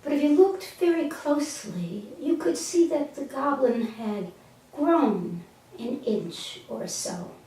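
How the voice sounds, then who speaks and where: A woman telling a parable slowly and gently and then reflecting on its spiritual meaning, with a few small stumbles, recorded from a distance in an echoey room. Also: high-pitched, animated. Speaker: storyteller and teacher. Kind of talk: slow storytelling and spiritual teaching. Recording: echoey room, mic far off.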